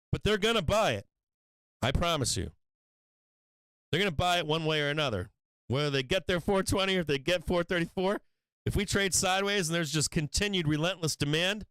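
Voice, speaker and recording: A man hosting a market live stream, ranting with profane, emphatic fire. His voice sits high and swings widely in pitch. It sounds close and dry, with no room echo. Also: a bit bright. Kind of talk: heated market commentary rant.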